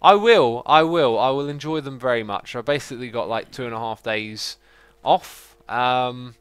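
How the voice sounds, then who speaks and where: A man chatting casually as he streams a game, excitable and quick to laugh. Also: medium pitch, clear, resonant tone, no echo. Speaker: livestreaming gamer. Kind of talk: casual gameplay commentary.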